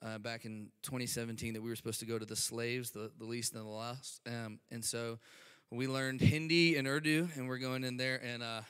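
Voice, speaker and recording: A Southern American man from Alabama addresses a church congregation with eager, chatty energy, sprinkling his talk with fillers. His voice is bright and smooth, and a long hall reverb trails behind it. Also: medium pitch, level tone, normal speed. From Alabama, USA. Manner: eager, chatty, laughs often, many fillers. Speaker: guest speaker, missionary. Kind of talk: sermon introduction. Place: church sanctuary.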